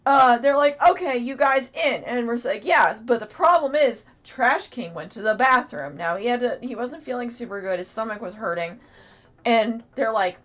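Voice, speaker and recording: Woman, co-host, casual con review, animated and profane, higher voice. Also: normal speed. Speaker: podcast co-host. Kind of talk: casual convention review chat.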